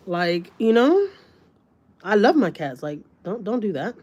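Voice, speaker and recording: A woman's voice: fairly low pitch, animated, a little fast. A woman hosting a casual livestream, reading viewer comments and talking bluntly, swearing freely and piling on fillers. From Texas, USA. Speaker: livestream host.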